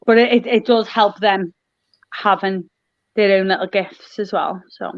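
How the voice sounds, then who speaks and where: Woman guest, mid-pitched, halting and earnest; dry, muffled call audio. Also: fairly even intonation. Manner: halting, many restarts, earnest. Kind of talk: casual chat.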